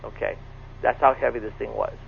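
A man's voice: mid-range voice, fairly even intonation, brisk, creaky. A middle-aged man earnestly telling a personal encounter story, often repeating himself and restarting his sentences. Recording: tinny phone line with faint noise.

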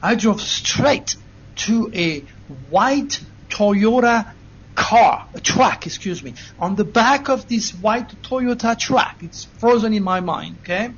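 A man giving an earnest, animated first-person account to an interviewer, with frequent restarts. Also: sits high, slow, slightly rough. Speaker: interview guest. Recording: dull lo-fi recording.

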